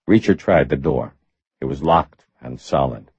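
A man narrating an audiobook thriller in measured, expressive storytelling. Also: a bass voice, breathy edge, no echo, muffled recording. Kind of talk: scripted narration.

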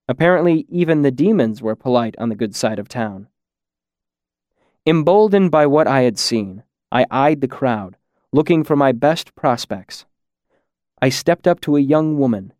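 A man reading a first-person story aloud in a measured way, dropping quieter on the darker lines. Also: mid-range voice, dry recording, clean studio sound. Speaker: audiobook narrator. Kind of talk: scripted first-person narration.

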